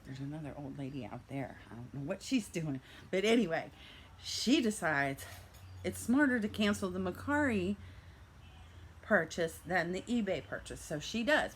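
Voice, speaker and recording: A woman's voice: on the low side, normal speed, slight background noise. A middle-aged woman who resells goods, telling her own story as a playful fairytale and calling herself the old lady. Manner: playful, animated storyteller speaking of herself in third person. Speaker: reseller vlogger. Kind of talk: storytelling vlog, fairytale-style narration.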